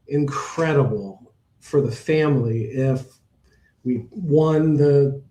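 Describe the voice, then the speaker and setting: A man's voice: mid-range voice, warm tone. Rambling man telling stories, roomy sound. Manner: rambling, storytelling with many fillers and restarts. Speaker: horse owner guest. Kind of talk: casual storytelling interview.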